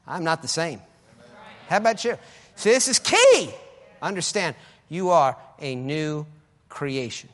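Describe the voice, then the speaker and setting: A man preaching a sermon with fervor, swinging between loud exclamations and quiet asides. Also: high-pitched, expressive, unhurried. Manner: fervent, swings between shouting and soft asides. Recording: echoey hall with long reverb.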